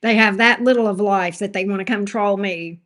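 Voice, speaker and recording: Speaking at a moderate pace in a fairly bright, mid-range voice, an older woman runs a live tarot stream. She chats casually and bluntly, with plenty of sass, greeting people in the chat by name.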